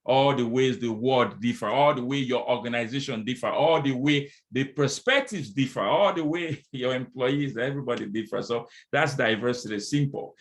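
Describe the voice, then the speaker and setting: A man's voice: medium pitch, normal speed, hardly any pauses. A middle-aged man who speaks French as well, giving a motivational conference talk on diversity as a consultant, with call-and-response and repeated phrases, heard over a video call.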